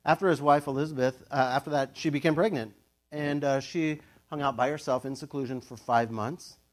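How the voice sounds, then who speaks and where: A middle-aged man giving a casual, conversational sermon, telling the story with lively asides and laughter. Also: mid-range voice, fairly quick. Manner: animated storytelling, acts out quoted voices, laughs often. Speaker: pastor.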